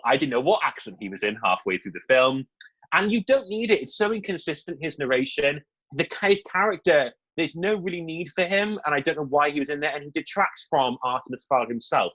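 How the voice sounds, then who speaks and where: A man's voice: mid-range voice, a bit bright, rough recording. A young man co-hosting a film review show, talking casually and candidly with lots of asides and fillers.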